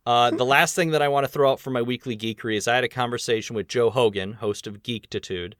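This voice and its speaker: A man's voice: medium pitch, fairly bright tone, clean tone, no echo. Chatty male podcast host, dry sound. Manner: chatty, rambling, quick laughs. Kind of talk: casual podcast chat.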